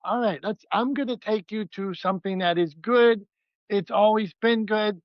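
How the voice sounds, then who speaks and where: Podcast co-host, a man with a high voice and a joking, self-mocking manner; dry, slightly muffled audio. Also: moderate pace, dry recording. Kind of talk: casual podcast banter.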